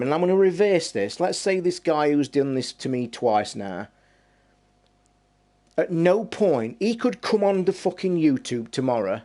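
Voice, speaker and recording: A man's voice: medium pitch, a little mellow. A man, a podcast host ranting on a live stream, heated and passionate, swearing and drawing out words for emphasis. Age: 50s.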